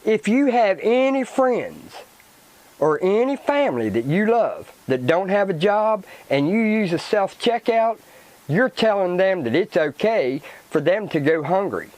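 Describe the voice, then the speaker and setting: A man vents on his own channel, angry and swearing freely. He talks slowly, and his fairly high voice swings widely as his temper flares. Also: sing-song, darkish tone, no room sound, rough recording. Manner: swearing, agitated ranting with repetition. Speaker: channel host. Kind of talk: angry vlog rant.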